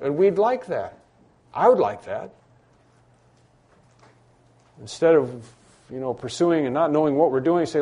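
Male pastor, sermon, mellow tone, slightly high pitch, emphatic and repetitive. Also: animated, moderate pace, husky. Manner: emphatic, repeats key phrases, acts out imagined dialogue. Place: church room with congregation.

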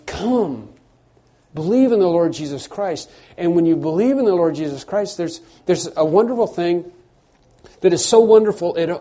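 A man's voice: on the high side, dark tone. A man preaching a sermon, earnest, often repeating words as he builds to emphatic phrases.

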